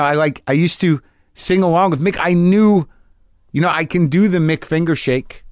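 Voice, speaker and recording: A man hosting his podcast from a garage studio, telling a rambling, profane story with lots of excitement. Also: a little high, clean tone, no echo. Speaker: podcast host. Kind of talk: casual storytelling monologue.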